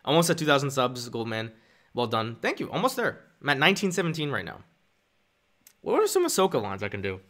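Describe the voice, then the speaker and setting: A man's voice: mid-range voice, huge pitch swings, fairly quick, fairly bright tone. A young man chatting casually on a live stream, rambling and self-deprecating as he reads chat.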